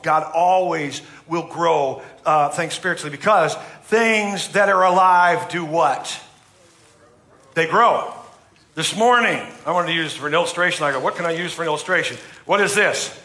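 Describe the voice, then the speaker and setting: Middle-aged american guy preaching, funny and chatty, bright kinda high voice. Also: gravelly. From United States. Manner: humorous, chatty preaching with acted-out quotes. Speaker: pastor. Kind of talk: sermon.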